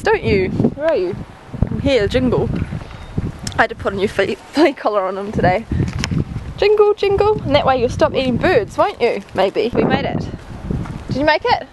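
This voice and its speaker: A woman chatting casually in a family vlog, playful, cooing at her pets. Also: high voice. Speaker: vlogger. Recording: home camera with clear background noise.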